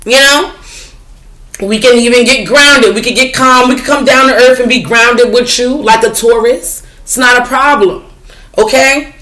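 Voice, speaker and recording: Chatty woman reading tarot, bright forceful voice, swears a lot, keeps asking you know what i'm saying. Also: fairly high pitch, moderate pace. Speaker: tarot reader. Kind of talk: casual spiritual talk to camera.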